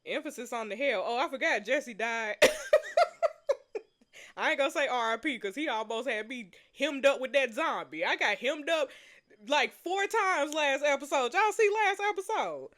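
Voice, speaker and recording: A woman reading and reacting to a story game, talking straight to her viewers in a playful, chatty way. Her voice sits a little high and swoops animatedly up and down. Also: sing-song, a little slow, a bit bright. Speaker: game player. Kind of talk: casual game commentary.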